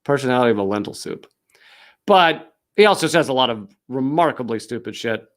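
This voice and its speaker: A man's voice: medium pitch, expressive, fairly quick. A male comedian host delivering a heated, profane, sarcastic political rant.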